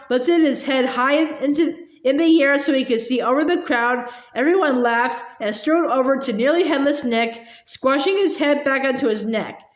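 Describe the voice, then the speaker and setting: A woman reading a storybook aloud, sometimes tripping over and repeating words. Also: sits high. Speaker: audiobook reader. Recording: echoey room.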